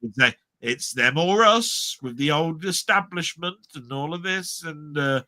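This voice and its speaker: A man's voice: on the high side, measured pace, no room sound. A middle-aged Englishman, rambling in casual podcast chat about old comedy. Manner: rambling, animated impressions of comedians. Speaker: podcast co-host. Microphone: live stream mic.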